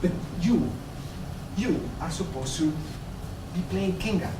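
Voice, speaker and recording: A man playing a wry, knowing ancient god who lectures the others with gentle amusement, in a stage play. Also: high voice, lively intonation, a little slow, distant mic. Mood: amused. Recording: roomy stage, picked up from afar, noisy.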